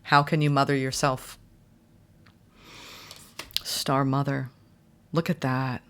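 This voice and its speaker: Soft-spoken woman tarot reader. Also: a bass voice, little pitch movement, slow pace. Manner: soft, gentle, affirming. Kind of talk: spiritual tarot reading.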